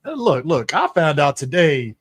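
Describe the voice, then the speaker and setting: A man co-hosting a casual movie podcast, excitable and swearing freely as he retells scenes. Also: a little high, moderate pace, breathy edge. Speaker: podcast co-host. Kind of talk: casual chat.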